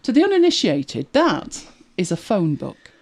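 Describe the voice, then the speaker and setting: A woman's voice: fairly low pitch, huge pitch swings, a little slow. English lady hosting a live podcast, chatty and wry, voice goes up and down a lot. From Manchester, England. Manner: chatty, wry storytelling with laughs. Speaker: podcast host. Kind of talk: casual chat on a live podcast.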